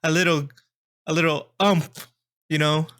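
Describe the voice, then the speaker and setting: A man's voice: a little high, fairly even intonation, a little slow, fairly bright tone. A man co-hosting a casual movie review podcast, laughing often and poking fun at himself. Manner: laughs often, self-deprecating. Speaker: podcast co-host.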